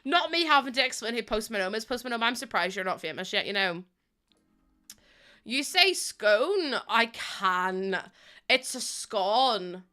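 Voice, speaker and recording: A woman's voice: on the high side, big pitch swings, a little slow, bright, forceful tone. A woman streaming live, chatting casually with her viewers, greeting them and laughing often.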